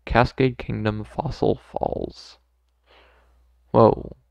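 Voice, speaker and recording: A man's voice: medium pitch, flat delivery, very slow, creaky, dry recording, lo-fi sound. A man playing a video game, casually commenting and joking as he goes. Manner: laid-back, joking, mutters to himself. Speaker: gamer. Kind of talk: let's play commentary.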